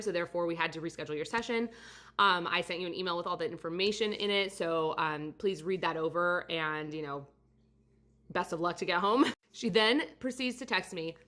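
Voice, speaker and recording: A woman photographer casually telling a story about a client, chatty and full of fillers. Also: fairly low pitch. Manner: chatty, many fillers, animated retelling. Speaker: portrait photographer and studio owner.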